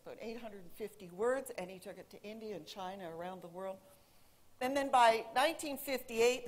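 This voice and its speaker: A woman in her forties, an English teacher, giving a talk to an audience in a large auditorium and telling lively stories. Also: mid-range voice. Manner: animated storytelling, quoting her son in a put-on teen voice. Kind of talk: conference talk to a live audience.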